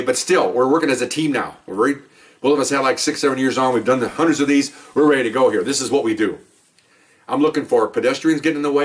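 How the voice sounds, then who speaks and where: A man's voice: mid-range voice, recorded from a distance. A man who is a police officer telling stories from the job in a casual monologue, emphatic and often tagging his points with "okay?". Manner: emphatic, keeps adding "okay?".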